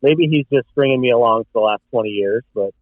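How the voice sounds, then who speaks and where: A man's voice: medium pitch, fast, no echo, phone-quality sound. A man in his forties, a podcast guest, chatting casually with a dry, self-deprecating manner. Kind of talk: casual chat.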